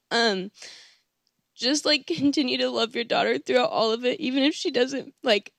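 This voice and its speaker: A young woman sharing heartfelt advice in a halting, casual way, with many "like" fillers. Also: high voice, vocal fry, fairly bright tone, no echo. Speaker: coach's daughter sharing in a group session.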